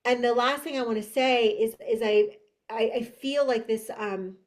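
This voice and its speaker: Woman guest, fairly high voice, earnest and emotional personal storytelling, frequent restarts. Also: fairly even intonation, normal speed. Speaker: podcast guest.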